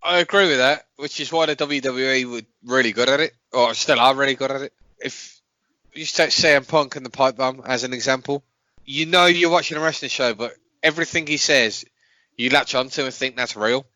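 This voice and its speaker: A man's voice: mid-range voice, fairly quick, bright, forceful tone, no echo, highs cut off. A man co-hosting a podcast, blunt and emphatic in his opinions. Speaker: podcast co-host. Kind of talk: casual podcast chat.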